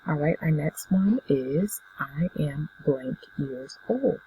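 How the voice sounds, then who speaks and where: A woman teaching a beginner Spanish lesson, patiently saying words and pausing so students can repeat them. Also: deep voice, animated, dark tone, a little hiss or hum, rough recording. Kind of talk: classroom language lesson.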